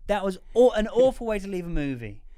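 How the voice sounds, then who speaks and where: A man with a high, smooth and clear voice, co-hosting a casual movie podcast. He chimes in eagerly and gives firm opinions. The recording is close and dry, without room echo. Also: big pitch swings, fairly quick, mellow. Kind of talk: casual chat.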